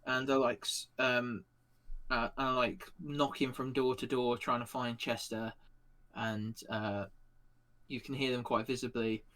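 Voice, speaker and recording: A man's voice: medium pitch, level tone, unhurried, a bit bright. Rambling man narrating as game master. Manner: rambling, filler-heavy narration.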